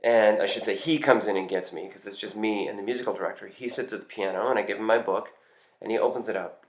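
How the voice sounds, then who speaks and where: A man recounts a personal story in a relaxed, chatty way, pausing now and then to find his words. His voice sits fairly low. The recording has a roomy echo around it. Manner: relaxed, conversational, with small hesitations. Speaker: singer and actor telling an anecdote. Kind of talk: casual first-person storytelling.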